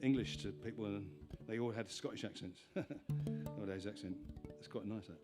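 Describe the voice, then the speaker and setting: Man, folk performer, live stage banter, meandering and self-interrupting, clear guitar behind. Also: fairly low pitch, fairly even intonation, brisk. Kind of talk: rambling stage patter between songs. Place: live music venue on stage. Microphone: stage vocal mic with monitor.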